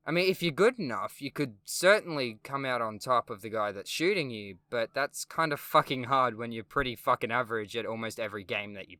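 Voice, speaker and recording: A man's voice: mid-range voice, bright, forceful tone, clear, resonant tone, dry recording. A young man hosting a gaming channel, giving a casual game review with sarcastic, self-deprecating jokes, casual swearing and rambling ums. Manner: rambling with ums and repeated words.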